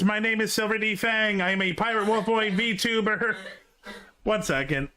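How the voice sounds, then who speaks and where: A man's voice: sits high, normal speed, over music. A young man hosting a reaction live stream, chatting casually and rambling with restarts. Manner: rambling, with frequent restarts and filler.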